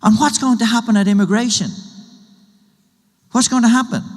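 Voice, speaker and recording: A man's voice: high voice, in a large hall. A man preaching a sermon in a conversational way, building his point through everyday illustrations and questions. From Ireland. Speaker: pastor.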